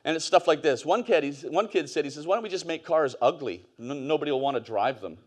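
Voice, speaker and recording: Man, 40s, relaxed storytelling conference speaker. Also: on the high side, fast. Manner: conversational, storytelling, with fillers and laughs. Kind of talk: conference talk. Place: conference stage.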